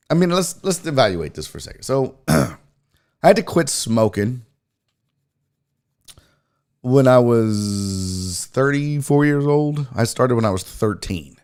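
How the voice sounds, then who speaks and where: A middle-aged man hosting a sports talk show, rambling casually with profanity and self-mockery. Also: medium pitch.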